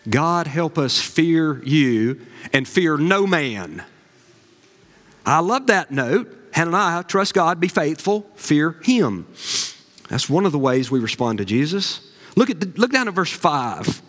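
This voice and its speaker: A man, a pastor preaching a sermon with folksy stories and animated asides. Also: on the high side. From Southern US. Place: church sanctuary. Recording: long reverb of a large hall.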